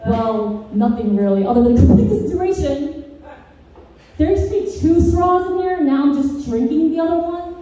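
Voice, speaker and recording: High-voiced woman doing deadpan stand-up. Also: moderate pace. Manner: deadpan dark one-liners with sing-song lilts. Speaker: stand-up comedian. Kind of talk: stand-up comedy set. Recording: very echoey room, distant mic.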